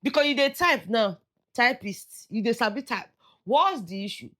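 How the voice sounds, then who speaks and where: A woman's voice: a little high, expressive, normal speed, fairly bright tone. A woman with a Nigerian accent giving casual gossip commentary on a reality show, chatty and slipping into Pidgin asides. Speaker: entertainment vlogger.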